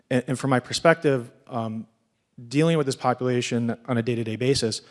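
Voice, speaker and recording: A man, an assistant public defender asking a panel a question, speaking nervously with halting restarts, heard from a distant mic. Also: medium pitch.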